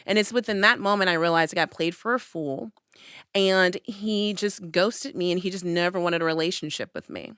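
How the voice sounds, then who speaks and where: A woman's voice: fairly low pitch, normal speed, fairly bright tone, clear, resonant tone, dry recording, studio quality. A young woman on a podcast, chatting casually and telling a personal story, acting out her own past lines with animation. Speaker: podcast host. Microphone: studio podcast mic.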